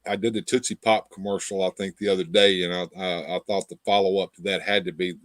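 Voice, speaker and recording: A man with a lowish voice hosts a casual livestream chat. He talks haltingly, repeating words and leaning on fillers. The sound is dry and close, with no room around it. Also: level tone, a bit bright, no echo. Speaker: show host.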